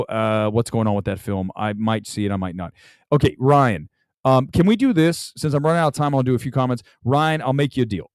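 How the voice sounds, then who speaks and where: A man's voice: mid-range voice, dry recording. A man hosting a movie talk live stream, chatting casually and rambling with frequent restarts. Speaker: movie talk show host.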